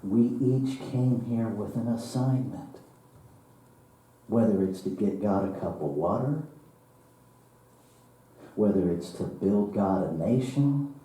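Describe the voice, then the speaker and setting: A male minister giving a sermon, telling a parable slowly and dramatically, with chuckles and hushed drops. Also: fairly low pitch. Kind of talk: sermon storytelling. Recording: roomy church hall, from far off.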